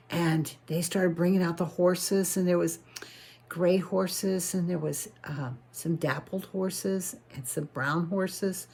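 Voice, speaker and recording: A woman's voice: lowish voice, darkish tone, slightly rough. A woman narrating a children's story in a folksy, homespun way, often restarting her phrases.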